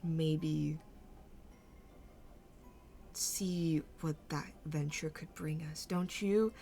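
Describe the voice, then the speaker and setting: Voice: medium pitch, fairly even intonation, extremely slow, vocal fry, warm tone. A woman voicing a vain, scheming arcane troupe leader in a light, airy, half-whispered drawl for a tabletop game.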